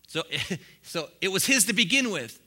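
A man delivers a sermon in a very bright, ringing voice pitched a little high. He swings between quiet, conversational asides and loud, fiery exhortations, chuckling often along the way. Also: big pitch swings, moderate pace. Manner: preaching with rising bursts and chuckles. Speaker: pastor.

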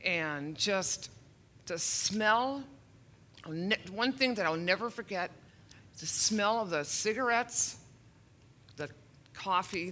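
A woman's voice: lowish voice, sharp tone. A woman in her fifties giving a personal testimony at a church service, earnest and emotional, a little nervous, with flashes of self-deprecating humor. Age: 50s.

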